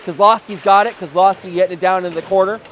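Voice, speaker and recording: A man doing live play-by-play of a youth hockey game, with quick calls that jump up at big plays and joking asides. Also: high-pitched, fairly even intonation, a bit bright, a little hiss or hum. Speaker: play-by-play commentator.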